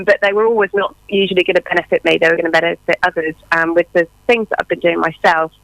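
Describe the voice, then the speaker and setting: A woman's voice: on the low side, creaky, fairly bright tone, no echo. A woman calling in as a radio guest, talking earnestly and at length with many fillers over a phone line. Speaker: radio guest, small business owner. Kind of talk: casual phone interview.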